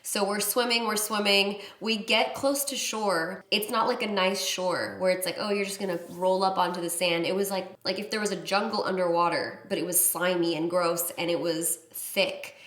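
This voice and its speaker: A woman vlogger telling a casual story to her viewers, chatty and expressive, with lots of "like". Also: fairly low pitch, moderate pace, few pauses. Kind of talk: casual story-time vlog. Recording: echoey room.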